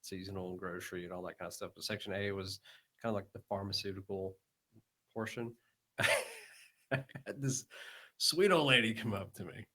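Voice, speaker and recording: A man's voice: low voice, moderate pace, long pauses. A man, chatting casually on a podcast and telling a laid-back work story. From Alabama. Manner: relaxed, short backchannel replies. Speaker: podcast co-host.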